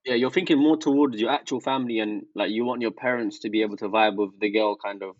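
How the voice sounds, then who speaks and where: A man's voice: fairly low pitch, steady tone, fast, no room sound. Hesitant young man, dry lo-fi sound. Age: young adult. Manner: hesitant, full of fillers and slang. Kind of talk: casual chat.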